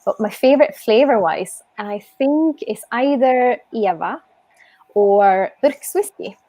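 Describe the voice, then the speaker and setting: A woman's voice: fairly high pitch, lively intonation, slow pace, warm tone, dry recording. A young woman from Sweden with a Swedish accent, chatting casually as a guest and laughing often. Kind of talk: casual chat.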